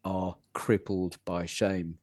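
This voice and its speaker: A man's voice: low voice, flat delivery, takes it slowly, a little mellow, no echo, clean studio sound. A man who runs men's groups, speaking as a podcast guest in an earnest, therapeutic way.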